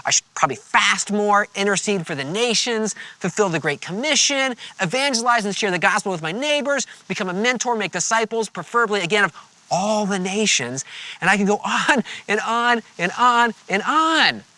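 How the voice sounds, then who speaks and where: A man preaching a sermon in a conversational, animated storytelling way with playful asides. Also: sits high, moderate pace, dry recording. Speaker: pastor.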